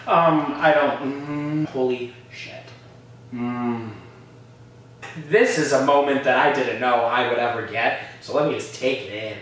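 A man reacting excitedly to music for his vlog, gushing over what he hears. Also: medium pitch, a little slow, recorded from a distance, a little hiss or hum. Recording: echoey room from off mic.

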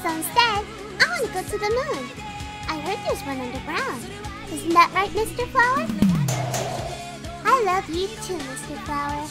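Man voicing a very high dreamy childlike girl, sing-song, loud music behind. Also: big pitch swings, normal speed, long pauses.

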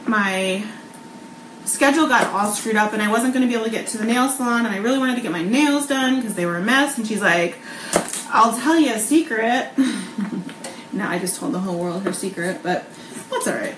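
A bubbly woman in her thirties chats her way through a live cooking stream in a home kitchen, slightly high-voiced and full of ums and likes. The room rings with echo, and steady background noise sits under her voice. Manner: chatty, bubbly, laughs often, lots of um and like. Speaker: cooking vlog host. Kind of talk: casual live cooking chat.

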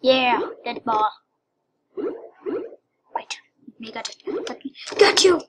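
Woman, high voice, slow delivery; casual game commentary, excitable, whispered asides and squeals. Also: very noisy. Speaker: gameplay commentator.

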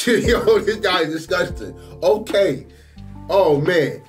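Excitable man reacting to highlights. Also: slow pace, faint music behind. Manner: excitable, exclaiming and slangy. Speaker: sports reaction host.

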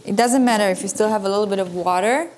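A woman's voice: medium pitch, quick pace, darkish tone. A woman hosting a cooking show, demonstrating a recipe in a playful, enthusiastic way and sprinkling in Italian words.

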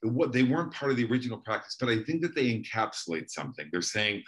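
Earnest man explaining in halting phrases. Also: mid-range voice, sing-song, fairly bright tone. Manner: earnest, halting, repeats words as he searches for phrasing. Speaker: guest author. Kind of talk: reflective interview talk.

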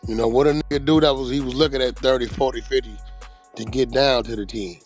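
A man in casual podcast talk, blunt and streetwise with plenty of swearing. His voice sits at an ordinary middle pitch. Soft music plays faintly behind him. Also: steady tone, fast. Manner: streetwise, blunt, profane and emphatic.

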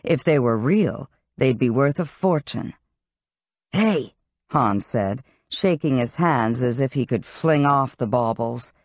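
An audiobook narrator reading fantasy at a slow, unhurried pace. The telling is even and measured. The recording is dry and close, with no room sound. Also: medium pitch, dry recording.

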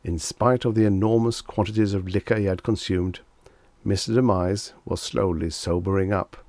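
A man with a low voice reads an old short story aloud in an even, measured way. The recording is dry and close, with no room sound. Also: no echo. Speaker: audiobook narrator. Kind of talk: scripted audiobook narration.

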